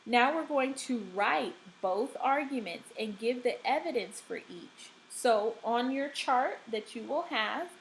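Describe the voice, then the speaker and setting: A woman teacher giving a recorded reading lesson, speaking deliberately and checking in often with the class. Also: on the high side, expressive, creaky, slight background noise, low-quality recording. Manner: slow, deliberate, checks in with frequent "okay?".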